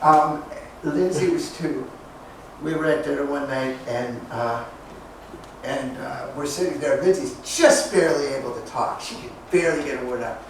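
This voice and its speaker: A man with a fairly high voice preaches in a joking, chatty way and keeps putting questions to his congregation. The mic sits far from him in a very echoey church. A faint hiss of noise runs underneath. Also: moderate pace, gravelly. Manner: humorous and conversational, questioning the congregation. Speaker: pastor. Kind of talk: sermon. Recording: echoey hall picked up from a distance, faint noise.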